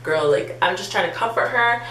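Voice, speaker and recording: Young woman telling an animated story. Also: medium pitch, moderate pace. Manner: animated, acts out quotes, many "like" fillers. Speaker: vlogger. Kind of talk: storytime vlog. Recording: echoey room with faint hum.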